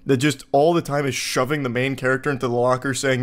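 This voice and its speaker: A man giving reaction commentary in a sarcastic, incredulous tone, often jumping into exaggerated high quips. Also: little pitch movement, fast talker. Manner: sarcastic, incredulous, mock-puzzled. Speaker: online commentator.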